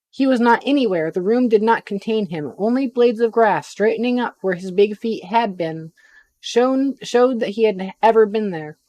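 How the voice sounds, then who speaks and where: A woman's voice: medium pitch, a little mellow, no room sound. A woman reading a novel aloud on a live stream, breaking off for chatty asides. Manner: chatty asides between reading, some stumbles.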